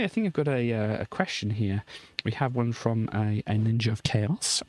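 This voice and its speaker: A woman streamer chatting casually on a live stream while ill, soft and hesitant with many fillers. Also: rumbling low, normal speed, few pauses, dry recording. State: ill, low on breath.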